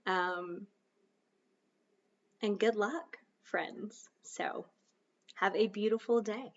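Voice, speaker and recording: A woman's voice: mid-range voice, fairly even intonation, very slow. Chatty woman host, slightly distant, dull sound. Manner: chatty, self-deprecating, coaching tone. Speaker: podcast host. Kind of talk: casual solo podcast talk.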